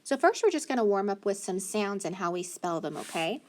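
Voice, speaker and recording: A woman teaching a phonics lesson to children, slowly sounding out syllables and praising often. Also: mid-range voice, sing-song, darkish tone.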